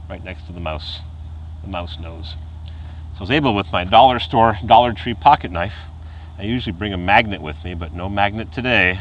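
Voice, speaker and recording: A man's voice: low-pitched, a bit bright, a little hiss or hum, low-quality recording. A man casually telling a rambling car repair story outdoors at night, chuckling and imitating the noises the car makes. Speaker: car hobbyist vlogger.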